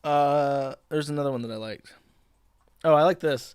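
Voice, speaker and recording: A man's voice: on the high side, measured pace, fairly bright tone, clean tone, no echo, clean studio sound. A man hosting a livestream, reading posts aloud in casual commentary with a sarcastic, profane, mocking manner. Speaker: livestream host.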